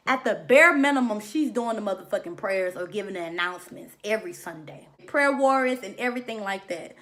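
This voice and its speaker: A woman with a somewhat high voice tears through a reality show episode in a casual vlog review. She is profane, sassy and emphatic, and she often mocks people by mimicking their lines. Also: animated, fairly quick, few pauses, fairly bright tone. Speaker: reality TV recap vlogger.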